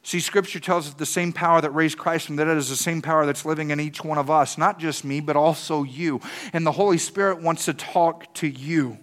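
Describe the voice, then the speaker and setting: Male pastor, sermon, impassioned, slightly high voice, repeats words, rhetorical questions. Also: steady tone, fairly quick, fairly bright tone.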